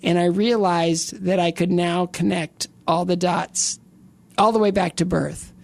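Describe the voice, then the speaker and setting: Rambling middle-aged man with gravelly voice. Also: high-pitched, steady tone, a little slow. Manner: rambling, restarts sentences, joking asides. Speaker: interview guest. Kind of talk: casual interview, personal testimony.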